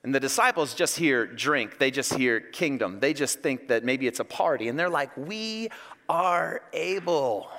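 A man preaching a sermon, an animated, joking storyteller. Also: medium pitch, normal speed, hardly any pauses, in a large hall. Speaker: pastor.

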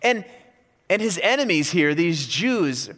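A male pastor delivers a sermon in a lively, conversational manner, his fairly high voice swinging widely in pitch. He drops in casual asides as he preaches. His voice rings with a long reverb, as if from a large church hall. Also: a little slow.

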